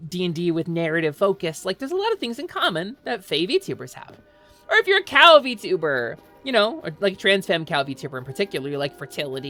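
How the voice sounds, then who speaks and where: A woman VTuber streaming live, chatting casually while gaming in an excitable, giggly, rambling way. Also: lowish voice.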